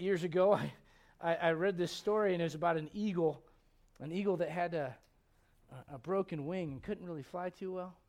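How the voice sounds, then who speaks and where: Male pastor with a very high voice, preaching a lively, emphatic sermon. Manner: emphatic, conversational, acts out quotes and asides, frequent restarts.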